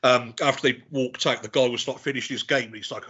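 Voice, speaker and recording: A man's voice: medium pitch, steady tone, quick pace, bright, forceful tone, slightly rough, lo-fi sound. A man in his forties telling rambling, sweary stories in a casual podcast chat. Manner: rambling, sweary storytelling with restarts. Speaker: podcast guest.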